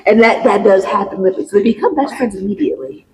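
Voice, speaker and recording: Woman podcast co-host, casual chat, lively storytelling, faint hiss behind. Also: fast, low-quality recording. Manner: animated retelling, acting out quotes in a higher voice. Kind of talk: casual chat recapping a play.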